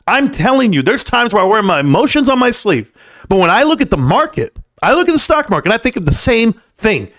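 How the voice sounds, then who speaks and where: A man's voice: sits high, a bit bright. A man hosting his own live stream, giving an emphatic motivational monologue in which he talks straight to his viewers and repeats his points.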